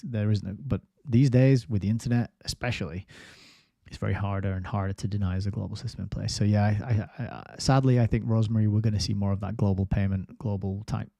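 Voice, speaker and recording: A man's voice: on the low side, fairly even intonation, a little fast, gravelly, mellow, dry recording, studio quality. A man hosting a book review livestream, rambling casually and reading viewer comments aloud. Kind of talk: casual live-stream chat.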